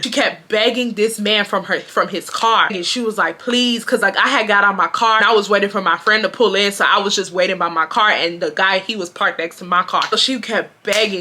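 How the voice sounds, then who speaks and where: A young woman, telling a storytime to her viewers in an animated, slangy way, full of asides and restarts. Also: mid-range voice. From Houston, Texas. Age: 20s. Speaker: storytime vlogger. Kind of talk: casual storytime.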